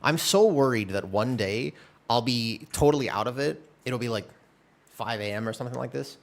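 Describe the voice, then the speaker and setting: A man chatting casually on a live game stream from a room at home, in a relaxed, rambling, self-deprecating way. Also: medium pitch, moderate pace, vocal fry. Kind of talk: casual live-stream chat while gaming.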